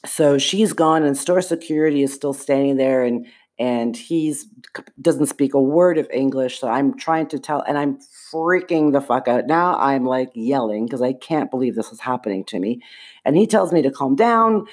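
A woman's voice: low-pitched, normal speed, darkish tone. Indignant woman telling a story. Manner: indignant, profane, emphatic. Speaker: podcast host. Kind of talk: personal storytelling monologue.

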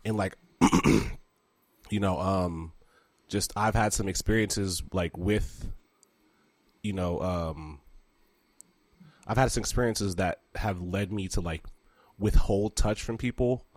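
Guy hosting a podcast, kinda low voice, jokey, keeps saying bro. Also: slow pace, long pauses, no room sound. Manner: jokey, laughs a lot, says bro. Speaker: podcast host. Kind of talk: casual chat.

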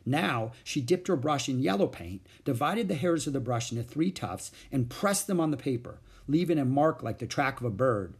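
Animated man reading a children's book. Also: mid-range voice, moderate pace, few pauses, slightly rough. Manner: expressive, animated voices. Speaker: storyteller. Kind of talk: children's book read-aloud.

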